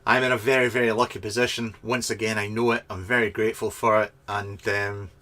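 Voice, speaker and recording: Reading viewer comments aloud from a garden shed, this Scottish vaping product reviewer jokes casually into his webcam during a live chat vlog, with many ums and restarts. His fairly low voice is level and sharp in tone, and he speaks a little fast.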